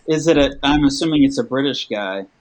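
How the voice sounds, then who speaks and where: A man's voice: mid-range voice, lively intonation, brisk, crowd noise, rough recording. A man on a livestreamed chat, dropping wry, dry asides.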